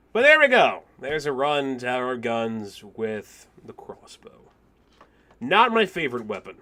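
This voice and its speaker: A young man giving casual let's play commentary, animated, exclaiming and groaning at the game. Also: medium pitch, a little slow, slight background noise. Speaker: gaming commentator.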